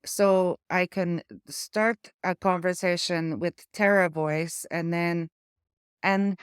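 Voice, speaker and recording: A woman with an Eastern European accent, talking in a casual vlog, halting and searching for words with small stutters, living with aphasia after a stroke. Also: fairly low pitch, smooth, no room sound, studio quality. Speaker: memoir vlogger.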